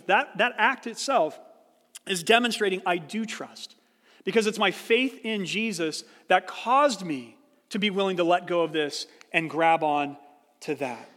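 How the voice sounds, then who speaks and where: A man's voice: sits high, a bit bright, big-room sound. A male pastor giving a sermon, telling an illustration with acted-out quotes and explaining it earnestly.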